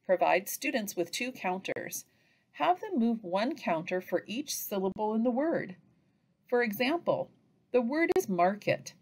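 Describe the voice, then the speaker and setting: Woman, teacher trainer, instructional narration, lively pitch. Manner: slow, lively delivery with chanted example phrases.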